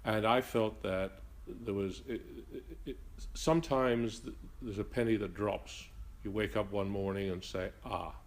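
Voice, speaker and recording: An older man with a detribalized accent, Northern Irish roots worn down by years in southern Africa. His voice sits low, and he reflects in an interview, halting, restarting, and circling back to his point. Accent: mixed Northern Irish and Rhodesian. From Northern Ireland. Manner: halting, many restarts and fillers.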